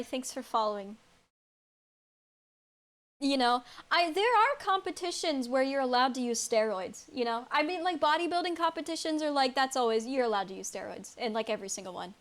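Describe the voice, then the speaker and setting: A young adult woman streamer chatting casually with her viewers, incredulous and stammering, quick to laugh. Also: sits high, expressive, a bit bright.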